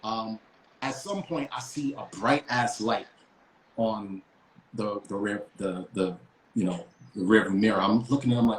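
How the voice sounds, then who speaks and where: A man's voice: lowish voice, normal speed, a little hiss or hum. A man co-hosting a podcast, telling a story in a casual, emphatic, profane way with lots of restarts. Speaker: podcast co-host. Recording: roomy echo.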